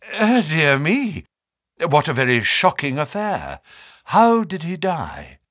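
A man voicing a jaunty, nervous male naturalist with fluttering, high-pitched exclamations in an audiobook reading. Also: huge pitch swings, slow, fairly bright tone, dry recording, studio quality, exaggerated voice. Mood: anxious.

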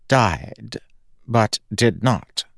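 A man voicing a frail, fading male god who speaks in halting, pleading phrases. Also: on the low side, expressive, creaky, breathy edge, dry recording, clean studio sound, pitched above the performer's own voice, full character voice. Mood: wistful.

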